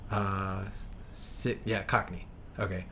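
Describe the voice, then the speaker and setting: Low-voiced man rambling on a podcast. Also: little pitch movement, slow pace, sharp tone, a little hiss or hum. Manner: rambling, filler-heavy, self-doubting. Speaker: podcast host. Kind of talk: casual trailer reaction chat. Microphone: streaming mic.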